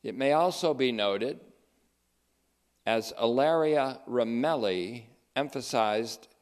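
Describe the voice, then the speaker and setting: A man delivers theology commentary at a slow, deliberate pace. His tone is emphatic and sardonic, and he slows further to stress quoted passages word by word. His voice sits at an ordinary middle pitch. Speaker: teacher of a theology group.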